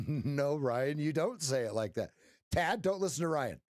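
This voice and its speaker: Here a middle-aged man runs a live trading stream, joking around and giving homespun pep talks as he chats with viewers. His voice is a little high yet darkish in tone, expressive, and measured in pace, captured in a dry, clean studio recording.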